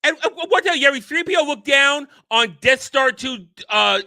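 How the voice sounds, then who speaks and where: A man hosting a commentary show, ranting angrily and swearing, sometimes shouting. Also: very high-pitched, lively intonation, normal speed, few pauses. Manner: angry, profane, shouting rants. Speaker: show host.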